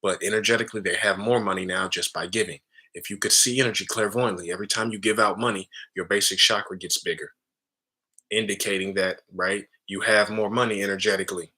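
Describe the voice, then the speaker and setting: A man's voice: on the low side, fairly even intonation, fairly quick, pushed and bright, slightly rough. A man giving a casual spiritual teaching talk, calling listeners family and often adding "right?". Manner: casual, addresses listeners as family, frequent tag questions.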